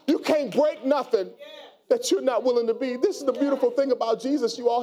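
A male pastor preaching a sermon, calling on the congregation to answer back and building to shouts. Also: very high-pitched, fairly quick. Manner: preaching with call-and-response and rising shouts.

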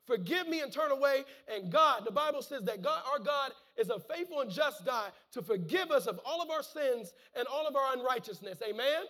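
Man, preacher, sermon, very high-pitched, fervent, calls of amen, repeats words. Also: lively intonation, moderate pace, few pauses, pushed and bright. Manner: repeats words and restarts phrases. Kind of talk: sermon, reading and preaching scripture.

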